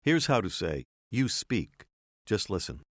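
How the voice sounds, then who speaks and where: Measured male course narrator. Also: on the low side, very animated, no echo, clean studio sound. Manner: clear, measured teacher's delivery. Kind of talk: scripted instructional narration.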